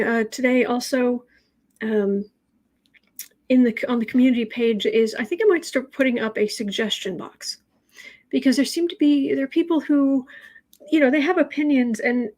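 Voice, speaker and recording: A woman's voice: sits high, darkish tone. A woman hosting a daily tarot livestream, talking casually to viewers and breaking off to talk to her cat. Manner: chatty, talks to her cat between remarks. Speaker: tarot reader and livestream host.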